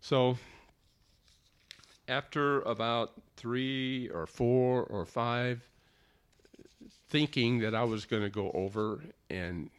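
A man's voice: mid-range voice, slow pace, pauses often, clean tone. A man telling a personal testimony in an earnest, plainspoken storytelling way. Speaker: speaker giving a personal testimony.

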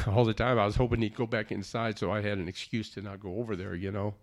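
A man's voice: lowish voice, flat delivery, fast. A man telling a personal testimony in an earnest, plainspoken storytelling way. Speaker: speaker giving a personal testimony.

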